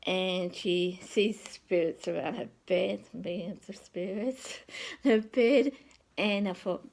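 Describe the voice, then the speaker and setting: A woman's voice: mid-range voice, slow, vocal fry, a little mellow, low-quality recording. A woman, a psychic, telling a rambling personal story in a casual, conversational way that often trails off.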